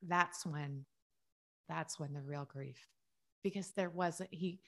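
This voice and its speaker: A middle-aged woman with a low voice talks candidly about a loss. Her delivery is tender and open, with a soft laugh now and then through the sadness. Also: takes it slowly. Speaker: guest. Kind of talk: emotional personal conversation.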